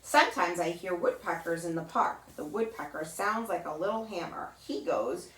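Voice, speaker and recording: Animated woman reading a kids' story. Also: normal speed, hardly any pauses, far from the mic, a little hiss or hum. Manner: animated, mimics sounds in a high playful voice. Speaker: children's yoga teacher. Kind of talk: reading a picture book aloud to children. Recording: roomy echo, voice off-mic.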